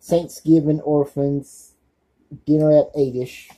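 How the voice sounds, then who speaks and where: A man hosting a casual show-and-tell vlog, talking haltingly with many fillers as he reads titles off one by one and breaks off to apologize when he forgets a name. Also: fairly high pitch, steady tone, warm tone, low-quality recording. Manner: forgetful, self-apologetic asides. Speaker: channel host.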